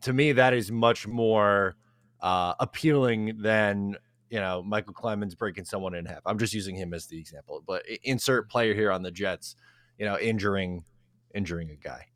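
A man with a fairly low voice co-hosting a casual sports talk show, rambling with lots of "like" fillers. The sound is dry and close. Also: normal speed, fairly bright tone, dry recording. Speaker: co-host.

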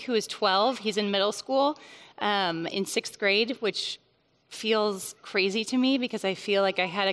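A woman's voice: medium pitch, fairly bright tone. A woman in her thirties giving a casual teaching talk to a mothers' group, chatty and conversational, with many fillers and bursts of emphasis. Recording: long hall reverb.

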